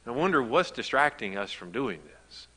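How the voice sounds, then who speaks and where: A man's voice: mid-range voice, very animated, normal speed, pushed and bright, big-room sound. A man preaching a sermon as pastor, telling stories in a conversational way that builds to emphatic. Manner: conversational storytelling, rising to emphatic. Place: church sanctuary.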